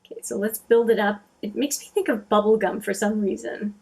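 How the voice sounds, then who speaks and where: A woman's voice: medium pitch, steady tone, moderate pace, vocal fry, darkish tone, husky. A woman hosting a casual makeup swatching vlog, chatty and thinking aloud, often correcting herself as she goes. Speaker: beauty vlogger.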